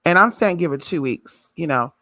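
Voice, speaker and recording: A woman's voice: sits low, expressive, moderate pace, sharp tone, dry recording. A woman ranting casually on a livestream, sassy and taunting, often drawing words out in a sing-song tease. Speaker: spiritual reader vlogger.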